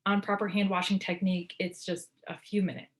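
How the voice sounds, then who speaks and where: A woman presenting an online workshop in a relaxed, informal way, with frequent ums. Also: medium pitch, brisk.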